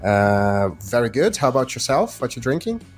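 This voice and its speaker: A man's voice: medium pitch, very animated, normal speed. A man hosting a casual tech podcast, greeting listeners and guests in a friendly, loose, chatty way. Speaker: podcast host.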